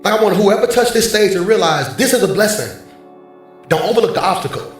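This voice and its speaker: A male pastor preaching a sermon from a church stage, animated and bantering with the congregation. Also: high voice, fairly quick. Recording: very echoey hall, faint music.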